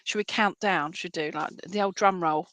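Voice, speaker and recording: A woman's voice: on the low side, fairly quick, a bit bright. A woman giving a clairvoyant reading at an online church service. She rambles in a chatty way, makes self-deprecating asides and keeps checking in with "all right?". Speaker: medium.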